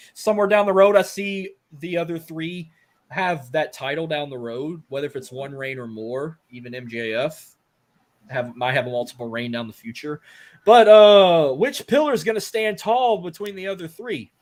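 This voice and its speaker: A man hosting a casual wrestling podcast who jokes, swears and rambles. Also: high voice. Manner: joking, profane, rambling. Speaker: podcast host.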